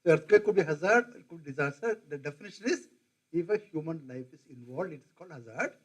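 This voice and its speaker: A man's voice: a little high, animated, quick pace, breathy edge, poor audio. An older man gives a conversational classroom lecture, quizzing his audience. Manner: conversational, quizzes the audience, mimics regional accents. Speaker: professor lecturing.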